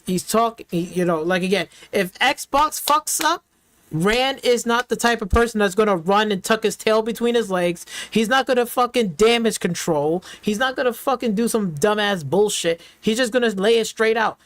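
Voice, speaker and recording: A man's voice: high-pitched, moderate pace, a bit bright, no echo. A man ranting in heated, profane slang as a reaction streamer, repeating himself and trash-talking rivals.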